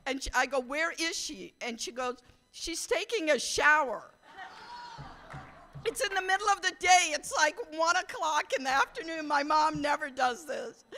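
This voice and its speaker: A middle-aged woman from India, telling a lively anecdote to an audience, laughing and acting out the quotes. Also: sits high, moderate pace. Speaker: speaker at a political caucus event. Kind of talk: storytelling speech to an audience.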